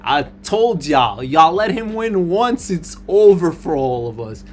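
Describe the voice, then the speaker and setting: A man's voice: fairly high pitch, unhurried, faint music behind. A young man commentating over his own basketball video game footage, talking straight to his viewers and venting his frustration in casual slang. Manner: frustrated, animated, talks to viewers as "bro" and "man". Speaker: gaming YouTuber. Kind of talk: gameplay commentary.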